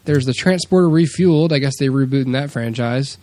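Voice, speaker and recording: A man's voice: mid-range voice, a little fast, darkish tone, no room sound. A man co-hosting a podcast in casual chat, rambling and laughing often as he acts out quotes. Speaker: podcast co-host.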